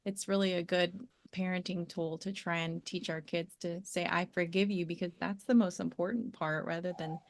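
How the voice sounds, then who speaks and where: A woman's voice: lowish voice, steady tone, normal speed, hardly any pauses, dry recording. A woman co-hosting a casual faith-based chat, thoughtful and hesitant, with frequent "um" and "like". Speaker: podcast co-host.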